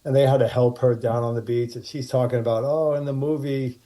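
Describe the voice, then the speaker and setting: Man with a very dark voice, rambling stories. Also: mid-range voice, steady tone, brisk. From Martha's Vineyard, USA. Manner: rambling anecdotes with many restarts. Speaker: podcast guest, actor. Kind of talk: casual storytelling.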